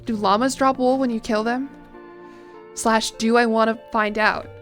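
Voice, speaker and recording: A woman's voice: fairly high pitch, steady tone, normal speed, fairly bright tone, faint music behind. A young American woman chatting casually on a game stream, reading chat aloud with a chatty, self-deprecating manner. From United States. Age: young adult. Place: home room.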